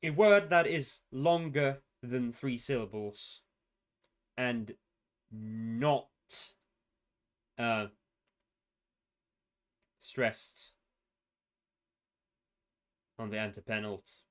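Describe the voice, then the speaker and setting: A man's voice: mid-range voice, extremely slow, long pauses. A young man casually explaining a constructed language's sound rules on a livestream, rambling and correcting himself as he goes. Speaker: streamer presenting a constructed language.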